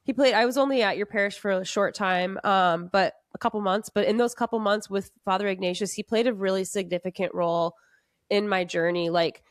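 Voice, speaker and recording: A woman's voice: mid-range voice, fairly even intonation, fairly quick, dry recording, clean studio sound. A woman hosting a podcast, chatting in a rambling way with lots of fillers and restarts. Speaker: podcast host. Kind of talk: casual chat.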